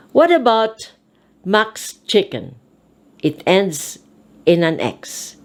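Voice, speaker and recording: A woman teaching an English grammar lesson, spelling out words letter by letter and repeating each example slowly and deliberately. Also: on the low side, big pitch swings.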